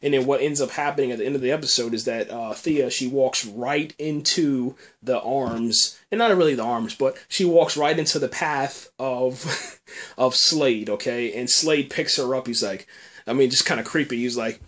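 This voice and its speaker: Excited rambling man recapping a TV episode. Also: medium pitch, moderate pace. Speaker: podcast host.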